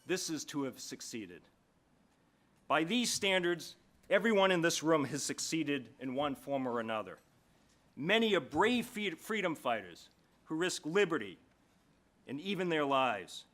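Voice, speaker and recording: A man with a bright, forceful, somewhat high voice reads a formal introduction at an awards dinner. He speaks in measured, rhetorical phrases with deliberate pauses. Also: big pitch swings. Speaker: host introducing the keynote speaker. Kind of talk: formal prepared speech. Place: banquet hall.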